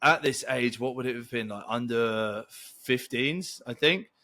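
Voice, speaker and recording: A man co-hosting a football podcast, telling a long story in a rambling, animated way. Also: medium pitch, measured pace. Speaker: podcast co-host. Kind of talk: casual storytelling chat.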